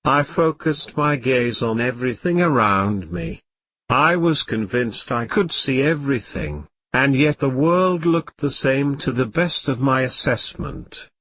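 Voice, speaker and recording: A computer-generated male voice narrating an audiobook in a slow, even reading. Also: mid-range voice.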